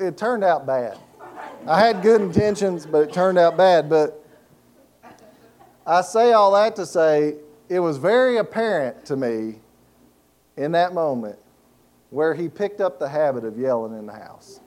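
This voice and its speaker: A man's voice: fairly high pitch, a little mellow. A middle-aged man preaching a sermon, telling folksy stories and asking the congregation to fill in words. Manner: folksy storytelling with laughs and call-and-response questions. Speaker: pastor.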